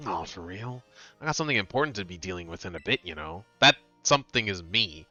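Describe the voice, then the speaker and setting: A man reading the lines of an aloof young male snowboarder gym leader from a video game, quiet, flat and brooding. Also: sits low, fast talker, no echo, lo-fi sound, faint music behind, pitched below the performer's own voice, exaggerated voice. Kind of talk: reading game dialogue aloud.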